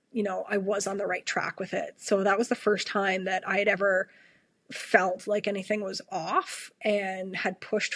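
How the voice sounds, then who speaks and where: Husky-voiced woman, earnest storyteller. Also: mid-range voice, fairly bright tone, no echo. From Canada. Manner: earnest, frequent self-restarts, repeats her questions. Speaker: guest, ER nurse. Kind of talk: personal storytelling in a podcast interview.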